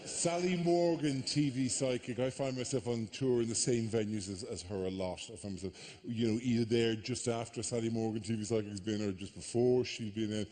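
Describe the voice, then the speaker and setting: An Irish man doing live stand-up comedy on a theatre stage, telling stories with animated mock outrage. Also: mid-range voice, brisk. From Ireland. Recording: live theatre with long reverb.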